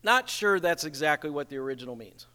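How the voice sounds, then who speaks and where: A male pastor preaching a sermon in a church, slow and emphatic, asking rhetorical questions. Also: a little high, expressive, sharp tone, big-room sound.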